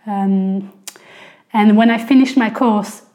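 A woman's voice: mid-range voice, fairly even intonation, slow, mellow. A woman from France in her forties with a French accent, chatting casually as an interview guest, with lots of "you know" fillers.

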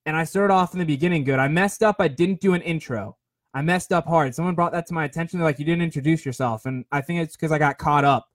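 Young man in his 20s, casual rambling host, slightly high voice, dry close mic. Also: fast talker, no room sound. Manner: rambling, filler-heavy, self-deprecating. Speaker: podcast host. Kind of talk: casual storytelling monologue.

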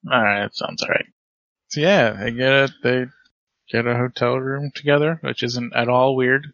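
A man's voice: mid-range voice, moderate pace, no echo, lo-fi sound. A man playing a tabletop role-playing game, chatting casually and narrating his character's actions with rambling asides. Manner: relaxed, rambling, trails off. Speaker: tabletop player.

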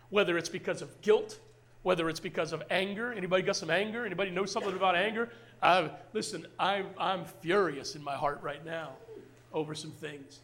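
High-voiced man preaching a sermon. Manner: conversational preaching with frequent "man" and repeated phrases; swings between soft hushed passages and rising emphatic ones. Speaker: pastor.

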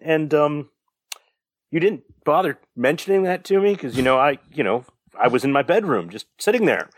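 A man's voice: fairly high pitch, animated, normal speed, no room sound, clean studio sound. A young man, a podcast co-host, rambling through a casual story with lots of fillers and the odd swear. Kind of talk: casual chat.

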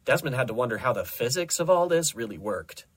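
A young man reading comedic fan fiction aloud in a dry, deadpan narrating voice. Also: mid-range voice, a little fast, breathy edge. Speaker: host reading stories aloud.

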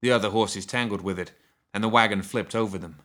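A man reading a story aloud as narrator, in a steady, measured way. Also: on the low side.

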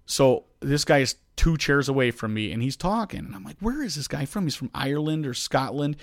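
A man in his thirties with a Chicago accent tells a long, rambling story on a podcast and slips into quoted voices along the way. His voice sits at a middle pitch and is recorded dry and close, with no room sound. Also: brisk, creaky, no room sound. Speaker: podcast co-host. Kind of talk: casual chat, storytelling.

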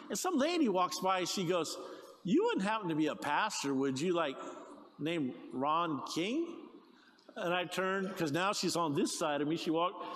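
A middle-aged man preaches in a church sanctuary, his voice high and swinging wide as he gets excited. He tells stories with eager restarts, and his words ring out with a long reverb through the hall. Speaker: pastor. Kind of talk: sermon with storytelling.

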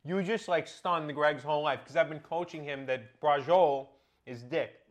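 A man's voice: fairly high pitch, normal speed. A young man with a slightly raised voice rambles through a casual podcast story. He leans on fillers like "like" and "you know," swears freely, and laughs as he goes. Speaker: podcast host.

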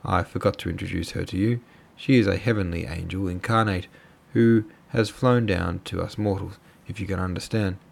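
A man reading as an excitable shabby captain. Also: deep voice, moderate pace, vocal fry, hardly any pauses, exaggerated voice. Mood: pleading. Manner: excitable, pleading. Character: poor shabby captain, middle-aged man, wild and tearful.

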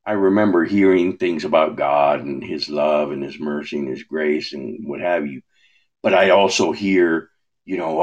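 A man talking about his faith in a relaxed way, asking rhetorical questions and often restarting his words. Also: a bass voice, unhurried. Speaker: minister. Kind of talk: preaching conversation.

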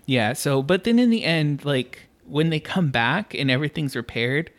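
Podcast co-host, very lively pitch, casual and profane, acts out quotes. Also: moderate pace. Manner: animated, swears freely, acts out quotes. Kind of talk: casual movie-review chat.

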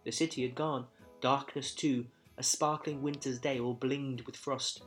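A man narrating a Christmas story in verse with a measured, rhythmic delivery. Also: mid-range voice, fairly even intonation, faint music behind.

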